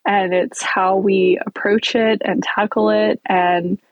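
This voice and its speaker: A woman guest on a podcast speaks openly and thoughtfully in a husky voice. Her voice sits at a middle pitch and sounds dry and close. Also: fairly even intonation, slow pace, no room sound, dull audio. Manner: open, reflective, laughs easily. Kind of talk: casual podcast interview.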